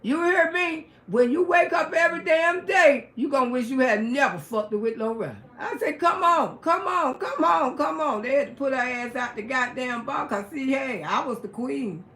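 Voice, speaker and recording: Brash, high-voiced middle-aged woman storyteller. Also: normal speed, few pauses. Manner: brash, profane, bursts into loud exclamations. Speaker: livestream host. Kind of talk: casual livestream storytelling. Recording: roomy echoey room.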